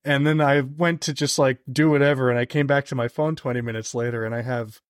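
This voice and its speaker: A man guesting on a podcast, telling an anecdote in a casual, animated way, with lots of "like" fillers. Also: quick pace, slight background noise. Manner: animated, heavy on "like" fillers, jumps higher when quoting others. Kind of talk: casual storytelling chat.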